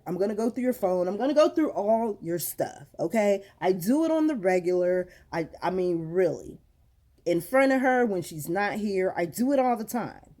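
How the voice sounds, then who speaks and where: Animated, storytelling mom vlogger. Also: female voice, fairly high pitch. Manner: animated storytelling, acts out quotes; talks straight to viewers as "girl" and "y'all". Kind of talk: casual vlog rant.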